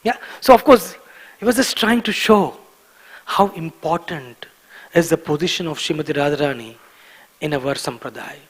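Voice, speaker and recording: A man giving a devotional morning class in a temple, emphatic and animated, repeating key words for stress and often chuckling. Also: fairly high pitch, moderate pace, slightly rough, in a large hall, low-quality recording. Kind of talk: devotional lecture. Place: temple hall.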